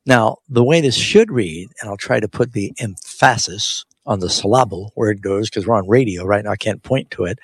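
A man's voice: on the low side, expressive, a little fast, creaky, husky, no echo. A man who is a pastor hosting a live Bible call-in radio show, explaining scripture and reading verses aloud with emphasis.

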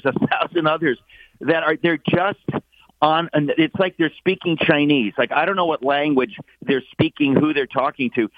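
A man in his sixties, a guest talking with forceful, mocking scorn. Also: a little high, dry recording. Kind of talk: emphatic opinion talk. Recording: tinny phone line.

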